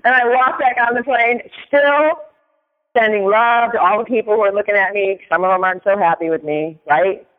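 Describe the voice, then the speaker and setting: This motivational speaker's high-pitched voice moves at a moderate pace as he tells a story with emphasis, often checking in with "right?" The recording has a tinny, phone-like tone and a long, lingering reverb.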